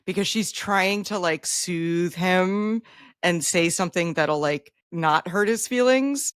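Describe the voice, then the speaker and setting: A woman's voice: fairly low pitch, slow pace, clear, resonant tone, no echo, clean studio sound. A woman co-hosting a podcast, chatting casually and adding thoughtful asides. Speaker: podcast co-host. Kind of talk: casual chat.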